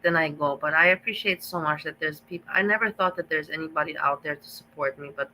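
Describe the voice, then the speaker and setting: A woman's voice: low-pitched, a little fast, sharp tone, a little hiss or hum, poor audio. A woman hosting a live reaction stream, talking in a rambling, gossipy way that repeats itself and restarts often.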